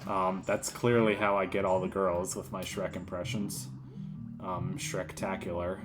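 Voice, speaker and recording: Give me a man with a fairly low voice, rambling and joking through a casual let's play. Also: flat delivery, measured pace, over music. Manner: rambling and jokey, slips into silly voices. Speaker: let's player. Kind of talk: casual gameplay commentary.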